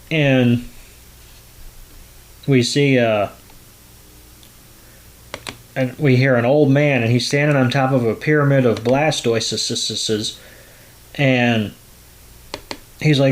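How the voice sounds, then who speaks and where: A man hosting a podcast, retelling a cartoon episode in a loose, rambling way. His voice sits at a middle pitch. He keeps going with lots of filler words. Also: fairly even intonation, unhurried, pauses often, slight background noise. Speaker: podcast host. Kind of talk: casual episode recap.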